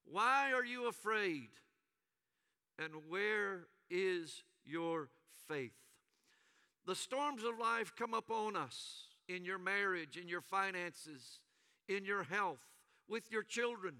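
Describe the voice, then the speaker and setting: Guy preaching slow w dramatic pauses, big hall echo, asks the crowd to repeat stuff. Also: high-pitched, sharp tone. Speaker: pastor. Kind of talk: sermon.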